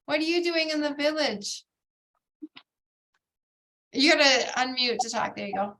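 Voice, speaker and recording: A woman hosting a bead society's video meeting, bubbly and gushing, with lots of excited exclamations. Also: sits high, a little slow, slight background noise. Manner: bubbly, gushing, keeps saying "oh my gosh". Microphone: video call.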